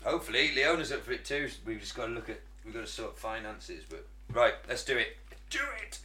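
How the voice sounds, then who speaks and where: A man co-hosting a casual comedy podcast, excitable and crude. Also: fairly low pitch. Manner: excitable and crude, quick to laugh. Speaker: podcast co-host. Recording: echoey room.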